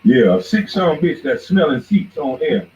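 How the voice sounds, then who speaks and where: A man hosting a podcast, ranting in heated, profane commentary that swings between mocking shouts and low mutters. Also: very animated, moderate pace. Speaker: podcast host. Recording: dull lo-fi recording.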